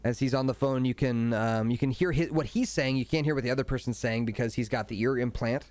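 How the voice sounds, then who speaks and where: A man narrating a tabletop game as game master, relaxed and casual with frequent asides. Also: mid-range voice, quick pace, no room sound.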